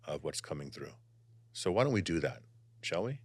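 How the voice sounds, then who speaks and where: A man who is a psychic and channeler, talking in an animated, expressive way and easing into calm guided meditation. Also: very deep voice, moderate pace, breathy edge, no room sound. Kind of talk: casual conversation and guided meditation.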